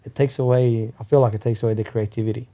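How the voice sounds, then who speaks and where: A man's voice: mid-range voice, fairly even intonation, quick pace, dark tone. A man from Australia, a podcast guest, rambling in casual chat and swearing freely as he keeps checking "you know what I mean.".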